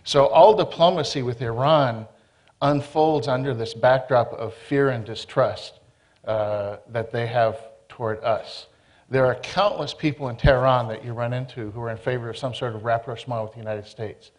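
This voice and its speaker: A man's voice: medium pitch, normal speed. Man explaining on a panel. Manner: explanatory, lecturing tone with tag questions. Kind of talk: panel discussion.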